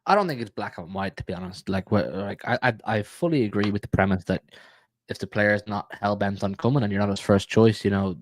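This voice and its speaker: A man co-hosting a football podcast who speaks in a measured, hedging way and often repeats words while he thinks. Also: on the low side, dry recording. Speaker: podcast co-host. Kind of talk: casual football chat.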